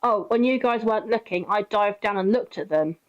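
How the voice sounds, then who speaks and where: A woman's voice: medium pitch, brisk, highs cut off, close to an everyday voice. A woman voicing a timid, silly young female pet cat that talks in a whiny, hesitant way. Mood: fearful.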